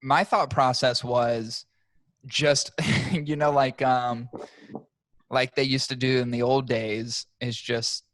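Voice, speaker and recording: Profane, animated young man telling a story. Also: medium pitch, slow pace, dry recording. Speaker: podcast co-host. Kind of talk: casual chat.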